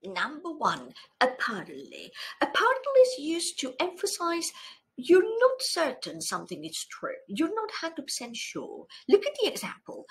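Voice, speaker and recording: A middle-aged woman teaching an English exam-prep lesson, expressive and playful with animated exclamations. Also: high voice, low-quality recording. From Spain.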